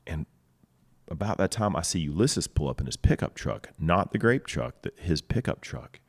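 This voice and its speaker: Middle-aged man, very low voice, lively guest storyteller, outdoor chat. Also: moderate pace, creaky, slightly rough. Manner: enthusiastic storyteller, acts out dialogue. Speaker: winery co-owner, guest. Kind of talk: casual storytelling. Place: outdoors in a vineyard.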